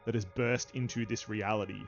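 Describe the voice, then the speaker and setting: A man running a tabletop game as game master, narrating in a relaxed way with frequent filler sounds. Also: on the low side, fairly quick, muffled recording, soft background music.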